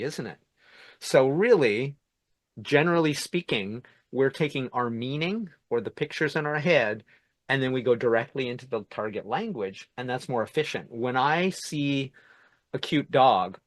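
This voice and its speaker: A man's voice: mid-range voice, no echo. A man who teaches languages, explaining his teaching ideas in a casual interview, often checking in with "right?". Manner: explanatory, repeats points, says "right?" and "it's like".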